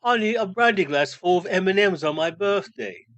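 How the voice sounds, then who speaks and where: A man voicing a boastful, unflappable middle-aged British rock roadie who tells wild tales in a deadpan way. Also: sits high, moderate pace, no echo, voice pushed up. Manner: deadpan tall-tale telling.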